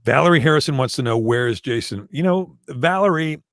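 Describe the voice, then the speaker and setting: A man's voice: medium pitch, expressive, brisk, no room sound, studio quality. A man co-hosting a podcast live from home, joking, playful and teasing while reading out fan messages. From Canada. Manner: playful, joking, drops into mock accents. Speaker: podcast co-host. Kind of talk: casual live-stream chat. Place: at home, indoor room. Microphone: webcam or computer mic.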